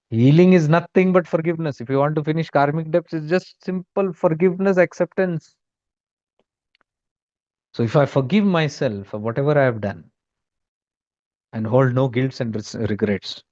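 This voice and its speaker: A man's voice: mid-range voice, darkish tone, muffled recording. A man with an Indian accent giving a spiritual talk as a teacher, emphatic and repetitive, slipping Hindi words into his English. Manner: emphatic, repeats key points, mixes in Hindi words.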